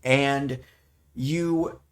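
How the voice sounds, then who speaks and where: A man's voice: mid-range voice, fairly even intonation, very slow, a loud crowd. A man casually explaining how a game works, rambling and correcting himself as he goes. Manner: rambling, self-correcting, playful. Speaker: player giving a game overview.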